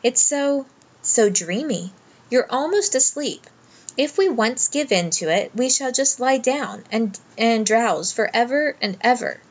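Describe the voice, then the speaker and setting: A woman voicing a sensible young English girl who talks softly and dreamily, in a storybook reading. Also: fairly high pitch, animated, measured pace, muffled recording. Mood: earnest. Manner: soft and dreamy, then practical.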